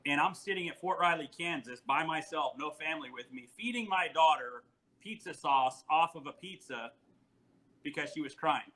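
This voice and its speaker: Man, forties, podcast guest, storytelling, animated, laughing, bright tone. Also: a little high, moderate pace, poor audio. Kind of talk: casual podcast chat.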